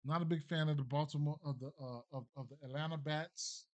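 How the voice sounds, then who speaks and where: A man's voice: a little high, fairly even intonation, fairly quick, highs cut off. Man mumbling through betting picks. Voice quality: mumbling, thinking aloud with many fillers and restarts. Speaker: sports betting streamer. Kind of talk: casual live-stream commentary.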